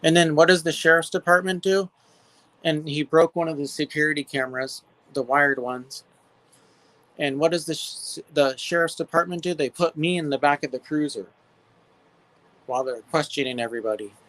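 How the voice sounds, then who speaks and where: A man with a slightly high voice tells neighbor stories in a loose, animated way. He jumps up into shrill imitations of the people he quotes. He talks outdoors into a phone. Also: normal speed, no echo. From California. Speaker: livestream guest. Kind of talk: casual storytelling chat. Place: outdoors at his property.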